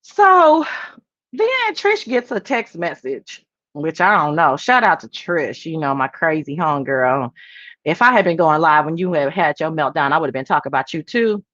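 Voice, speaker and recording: A woman hosting a casual livestream chat and reading viewer comments. She talks in an animated, emphatic, sassy way, swinging between high exclamations and low asides. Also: normal speed, dry recording, dull audio. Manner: sassy, talks straight to viewers as "girl" and "child". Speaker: livestream host.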